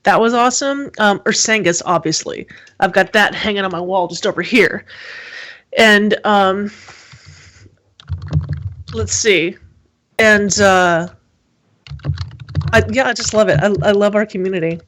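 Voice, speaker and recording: A woman's voice: medium pitch, unhurried, long pauses, fairly bright tone, a little hiss or hum. A woman hosting a casual podcast, gushing about her community and steering the talk along. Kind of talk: casual chat.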